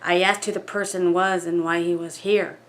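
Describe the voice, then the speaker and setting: A woman vlogger reading a ghost story aloud in an unhurried, measured way. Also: fairly low pitch, flat delivery.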